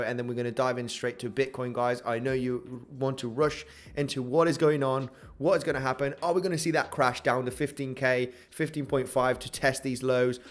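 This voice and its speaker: A man hosting a casual crypto trading livestream, upbeat and hyped, greeting chat viewers and filling with "you know" and "guys". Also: medium pitch. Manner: upbeat, hypes the chart, greets chat viewers by name, says "guys" a lot; filler-heavy, many "you know" and restarts.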